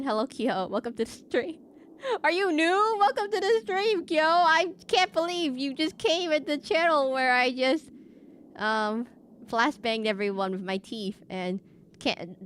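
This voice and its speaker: A woman's voice: medium pitch, a bit bright, a little hiss or hum. A young woman streaming live, chatting casually and rambling with many restarts. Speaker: VTuber streamer.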